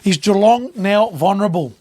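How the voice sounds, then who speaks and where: A hoarse man hosting a casual sports podcast, running segments and firing off quick questions. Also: high-pitched, lively intonation, a little mellow. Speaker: podcast host.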